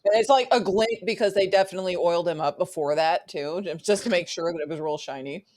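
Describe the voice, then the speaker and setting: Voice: medium pitch, fast talker, a little mellow. A panelist on a movie podcast chatting loosely, with many "like" and "you know" fillers. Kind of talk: casual movie podcast chat.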